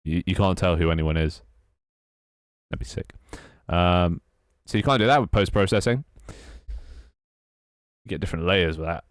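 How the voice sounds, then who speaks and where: A man's voice: low-pitched, a little slow, long pauses, no echo, clean studio sound. A young British man chatting casually and wryly while he works on his game, rambling from one thought to the next. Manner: rambling, wry, self-mocking. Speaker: game developer streamer. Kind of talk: casual live-stream chat while working.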